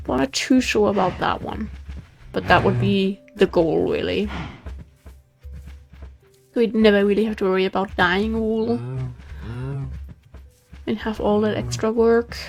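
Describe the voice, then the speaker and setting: Woman gaming host, chatty, talks to the animals, slightly high voice, faint music underneath. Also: gravelly, darkish tone. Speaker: Minecraft let's play host. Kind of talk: casual gameplay commentary.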